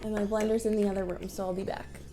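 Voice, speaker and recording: A woman's voice: medium pitch, little pitch movement, fast talker, over music. A young woman vlogging at home in a chatty, upbeat way with lots of ums. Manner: upbeat, chatty, filler-heavy. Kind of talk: casual vlog chat.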